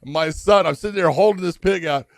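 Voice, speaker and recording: A middle-aged man co-hosting a podcast, telling a long story in a casual, animated way and acting out the voices of the people in it. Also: a little high, fast, creaky, no room sound, clean studio sound. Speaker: podcast co-host.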